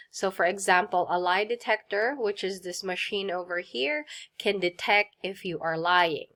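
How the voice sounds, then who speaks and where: A woman leads a vocabulary lesson at an unhurried, deliberate pace. She pronounces each word with care, has her listeners repeat it, and answers with quick praise. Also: on the low side, a bit bright. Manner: slow, clear drills with repeat prompts and praise. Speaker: teacher.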